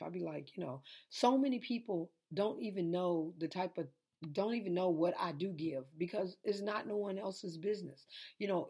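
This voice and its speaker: A woman's voice: lowish voice, creaky, a little mellow, husky. A tired woman, preaching an informal lesson, repetitive and conversational. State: tired and sleepy. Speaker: preacher hosting an online Bible lesson. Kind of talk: informal sermon.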